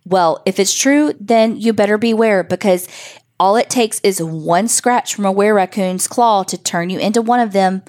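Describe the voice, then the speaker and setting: A woman's voice: medium pitch, normal speed, a little mellow, voice pushed up, close to an everyday voice. A woman voicing a teasing older sister who spins a spooky legend to frighten her little sister. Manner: teasing, mock-ominous.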